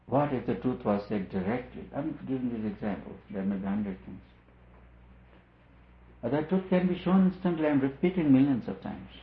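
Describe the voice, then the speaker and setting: A man giving a spiritual discourse as a teacher, earnest and repetitive, pressing his key points harder. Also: medium pitch. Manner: earnest, repeats phrases for emphasis, rising on key points. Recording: tinny lo-fi with roomy echo.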